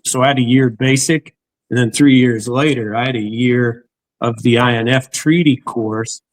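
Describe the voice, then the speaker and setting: A middle-aged host talks in a loose, rambling way, restarting his sentences often. His mid-pitched voice sits in a dry, close-miked space. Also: dry recording, low-quality recording. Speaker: interview host. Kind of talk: casual conversation.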